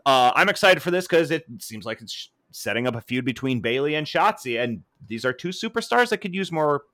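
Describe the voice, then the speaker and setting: A man co-hosting a podcast in casual chat, animated and playing out quotes in exaggerated voices. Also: on the high side, brisk, no room sound. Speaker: podcast co-host.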